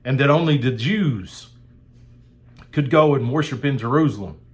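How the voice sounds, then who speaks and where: A man's voice: medium pitch, normal speed. A man preaching a sermon in a fired-up, emphatic way, repeating phrases for emphasis.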